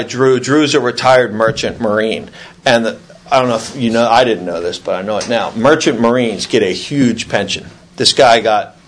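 A man sharing a story at a recovery meeting, acting out other people's lines in raised voices. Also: mid-range voice. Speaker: AA speaker sharing his story.

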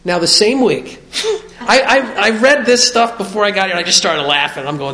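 Middle-aged man, gravelly and a bit high, confessional and self-mocking, in a roomy hall. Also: animated, normal speed, sharp tone, slight background noise. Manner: self-mocking, confessional, reads aloud from notes. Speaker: speaker sharing at a recovery meeting. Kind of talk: candid personal talk to a group. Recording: echoey room.

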